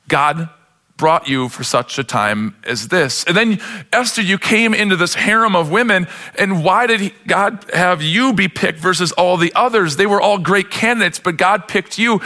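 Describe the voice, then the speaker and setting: A man's voice: high voice, bright, forceful tone. A man pastor preaching a sermon with impassioned delivery, sometimes acting out the characters in the story.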